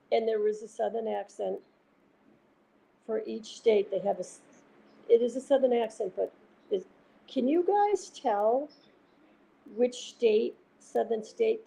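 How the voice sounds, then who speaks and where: Host, woman, Boston accent, gravelly mellow voice, chatty, rambling storyteller, faint hiss in the background. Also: a little high, rough recording. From Massachusetts. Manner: chatty, rambling, retells conversations. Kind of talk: casual chat with viewers.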